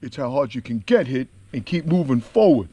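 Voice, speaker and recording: A man's voice: mid-range voice, very animated, fairly quick, dark tone, dry recording. A man doing a slurred, drawling impression of a tough-guy boxer. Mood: gritty.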